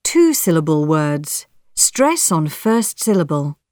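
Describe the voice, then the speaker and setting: A woman announcing track numbers and section headings on a coursebook audio recording in a plain, measured way. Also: low voice, sing-song, darkish tone, no echo, studio quality.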